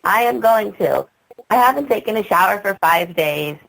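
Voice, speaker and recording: A woman's voice: mid-range voice, animated, normal speed, creaky, fairly bright tone, rough recording. A woman in casual banter with her partner, blunt and mocking as she teases him.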